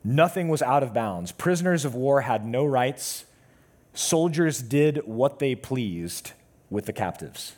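Husky-voiced male preacher. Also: mid-range voice, expressive, slow, a little mellow. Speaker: pastor. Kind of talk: sermon.

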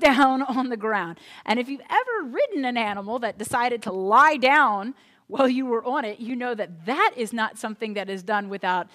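A woman pastor retelling a story in a sermon, animated and chatty with little asides. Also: fairly high pitch.

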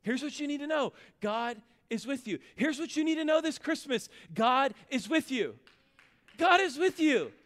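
A man's voice: extremely high pitch, normal speed, hardly any pauses, fairly bright tone. A man in his thirties preaching a conversational sermon, telling family stories and building to emphatic repetition. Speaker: pastor. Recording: long hall reverb.

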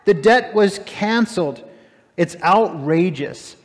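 A man preaching a sermon, retelling a parable with animated, emphatic, incredulous asides. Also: high-pitched, takes it slowly. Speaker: pastor. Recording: long hall reverb.

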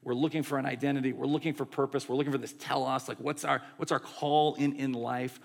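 A man delivers a sermon in a loose, chatty preaching style. His voice carries a gravelly edge at a mid pitch. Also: quick pace. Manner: conversational, animated preaching with many "like" and "right". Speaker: pastor.

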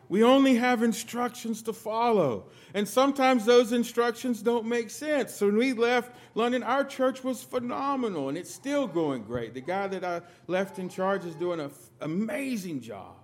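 A middle-aged man from the United States preaching a sermon, telling stories with sudden loud emphatic bursts and quiet asides. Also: high-pitched, expressive, normal speed, few pauses. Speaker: pastor.

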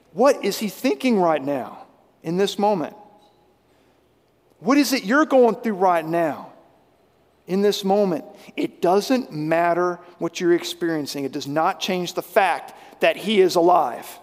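A man preaching a sermon as pastor, swinging between loud emphatic lines and hushed, intense ones. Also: sits high, in a large hall.

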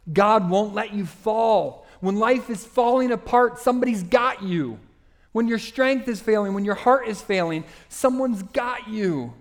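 A man in his forties preaching a sermon in a church, earnest and direct, rising sharply for emphasis and dropping low and quiet. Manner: earnest preaching with sudden rises in pitch and drops to a quiet voice. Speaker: pastor.

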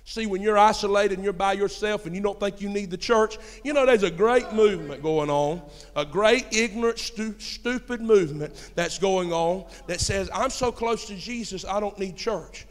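A man preaching a sermon in a church. He moves between quiet storytelling and loud emphatic peaks, throwing rhetorical questions at the congregation. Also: high voice, moderate pace, hardly any pauses. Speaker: pastor. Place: church sanctuary. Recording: long hall reverb in a church.

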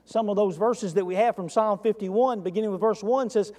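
A man's voice: sits high, fairly quick, darkish tone, long reverb tail. A man preaching a sermon as pastor of a church, talking earnestly and putting direct questions to the congregation.

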